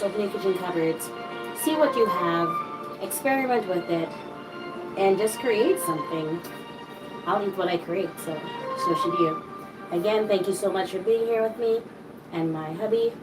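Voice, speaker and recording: A woman's voice: mid-range voice, far from the mic, rough recording. A woman co-hosting a home cooking channel, chatting while eating and thanking viewers, her voice still a bit worn out from being unwell. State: voice still not fully recovered. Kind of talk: casual chat while eating.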